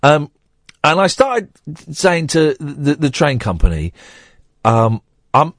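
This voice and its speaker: Rambling radio host, lively pitch. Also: male voice, unhurried, long pauses, dry recording, clean studio sound. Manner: rambling, self-deprecating storytelling with many restarts. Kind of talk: late-night radio monologue.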